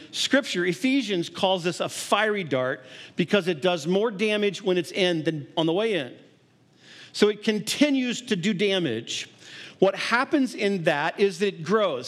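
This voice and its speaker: A man preaching a sermon in a conversational way, acting out little scenes and laughing along the way. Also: high-pitched. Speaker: pastor.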